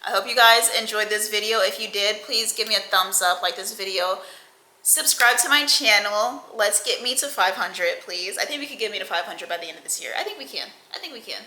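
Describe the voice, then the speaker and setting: A young woman vlogger telling a storytime tale, animated and profane, acting out the quoted lines. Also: medium pitch, reverberant, low-quality recording. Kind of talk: storytime vlog.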